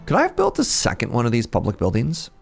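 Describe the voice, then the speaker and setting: Chatty man with a gravelly voice. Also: medium pitch, huge pitch swings, fast, soft background music. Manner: chatty, joking, reacts aloud. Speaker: streamer. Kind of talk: casual gameplay commentary.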